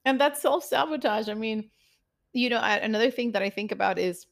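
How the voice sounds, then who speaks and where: A woman's voice: fairly high pitch, a little fast, creaky. A woman co-hosting a podcast, talking candidly and reflectively in casual conversation. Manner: candid, confessional, self-reflective. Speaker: podcast co-host. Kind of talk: casual chat.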